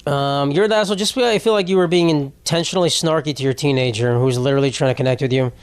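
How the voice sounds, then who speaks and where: On his solo podcast, a young man rambles along at a fast clip, his voice on the high side, clear and resonant. The talk is jokey and full of profanity.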